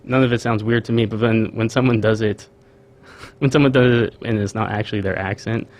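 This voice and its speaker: A man's voice: lowish voice, steady tone, a little fast, a little mellow. A young American man hosting a casual interview, asking curious questions. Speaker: host.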